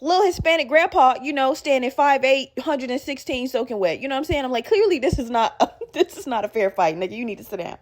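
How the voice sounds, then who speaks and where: A young woman with a fairly high voice tells a story in a loose, chatty way. She swears freely and flares up as she acts out the people in it. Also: fast, few pauses. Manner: animated, profane, acts out quoted people in raised voices. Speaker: podcast host. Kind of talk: casual storytelling.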